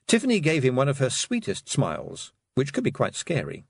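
A man narrating a storybook with expressive, vivid storytelling. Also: medium pitch, a little fast, husky, dry recording, clean studio sound. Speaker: audiobook narrator. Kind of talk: scripted narration.

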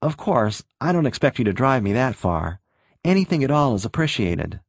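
A man's voice: medium pitch, very animated, moderate pace, breathy edge, dry recording, clean studio sound. A man voicing a shapeshifting creature disguised as a young hitchhiker, anxious and pleading in a raised voice. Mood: polite. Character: shapeshifting thing posing as a timid young hitchhiker.

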